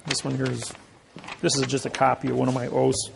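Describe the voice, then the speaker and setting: A man's voice: medium pitch, completely flat delivery, a little fast, creaky, slight background noise. A man giving a boastful storytelling lecture, acting out the voices of people in his stories. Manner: boastful, acts out quoted voices. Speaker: presenter.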